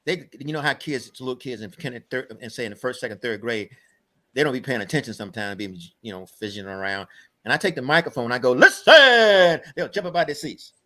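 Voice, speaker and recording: Earnest older man telling stories, bright-voiced. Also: medium pitch, lively intonation, fast. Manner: earnest, emphatic, rambling storyteller. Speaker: guest. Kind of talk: conversational storytelling.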